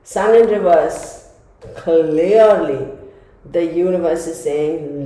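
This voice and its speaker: Chatty woman tarot reader, mellow tone, very echoey room. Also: deep voice, steady tone, slow pace. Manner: chatty, laughing, talks straight to viewers. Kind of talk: casual spoken tarot reading.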